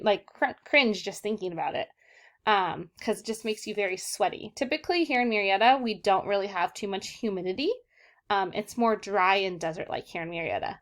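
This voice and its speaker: A young woman teacher giving an online vocabulary lesson to children, encouraging and patient, often checking in with "okay, guys?". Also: mid-range voice. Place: southern California.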